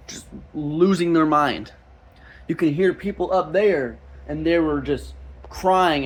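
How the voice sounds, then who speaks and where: A young man with a slightly high voice, giving a rambling personal testimony as a street minister, with many restarts. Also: breathy edge.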